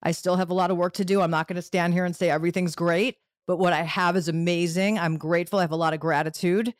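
A woman talking casually about her recovery, reflective and gentle, with lots of affirming murmurs. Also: on the low side, steady tone, fast, no echo, clean studio sound. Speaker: host in recovery. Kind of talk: casual conversation.

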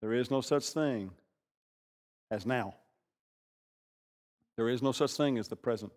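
An older man preaching a sermon, animated, swinging from loud bursts to hushed asides. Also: mid-range voice, unhurried. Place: church sanctuary. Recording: long reverb of a large hall.

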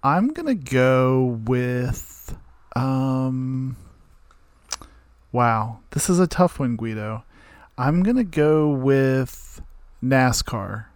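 A man playing as a contestant in a casual podcast quiz, thinking aloud with drawn-out, hesitant answers. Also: medium pitch, animated, dry recording.

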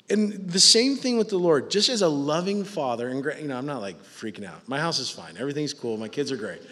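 A man preaching a sermon as pastor, animated and casual, acting out the voices he quotes. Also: a little high, fast talker, hardly any pauses. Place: church hall with live audience. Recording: long hall reverb.

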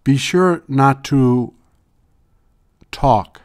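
A man reading English example sentences and brief explanations in a measured, deliberate way, as a language teacher. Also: medium pitch, darkish tone. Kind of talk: slow scripted language drill.

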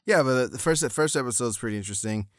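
A man's voice: medium pitch, animated, rapid-fire, no echo, studio quality. A man co-hosting a casual movie podcast, giving his take with frequent laughs and fillers. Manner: laughs often, loose filler-heavy talk. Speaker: podcast co-host. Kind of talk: casual movie review chat.

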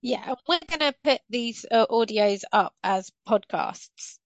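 A woman's voice: a little high, animated, measured pace, no room sound, muffled recording. A woman guest on a podcast, talking in an encouraging, loose, rambling way. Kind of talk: casual chat.

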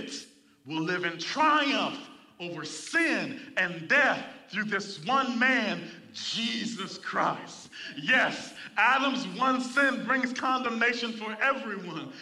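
A man's voice: high-pitched, lively intonation, slow, pushed and bright, distant mic. A man preaching a sermon in church, reading scripture and calling for responses from the congregation. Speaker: pastor.

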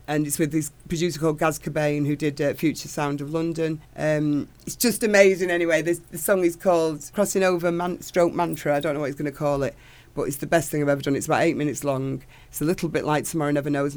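A woman's voice: low-pitched, level tone, fast talker, a little mellow. Gushing woman singer. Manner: gushing, enthusiastic storytelling. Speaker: singer, interview guest. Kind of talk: casual interview chat.

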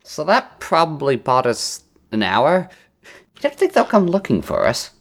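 Man player, hesitant and self-deprecating, pitch moves a lot. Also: wildly swooping pitch, a little slow. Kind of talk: casual tabletop play chat.

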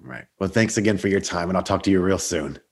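Man, lowish voice, upbeat interview host, laughs a lot, quick questions. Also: husky. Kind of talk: podcast interview with quiz round.

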